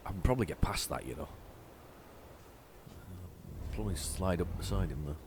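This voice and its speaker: A man's voice: sits low, a little fast, long pauses, a little hiss or hum. A man hosting a let's play, chatting casually and rambling while he plays, recorded close on a desk microphone at home. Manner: rambling, chatty, self-deprecating. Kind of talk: casual gameplay commentary.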